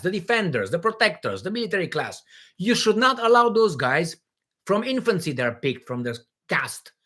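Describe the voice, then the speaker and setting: A man's voice: high voice, fairly bright tone. A man hosting a live Q&A, talking in a profane, emphatic and rambling way. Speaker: livestream host answering questions. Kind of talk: live Q&A monologue.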